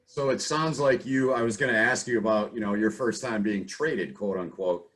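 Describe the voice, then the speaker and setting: A man's voice: on the low side, normal speed, a bit bright. A man hosting a podcast interview, asking casual, leading questions. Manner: conversational, asks leading questions. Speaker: podcast host.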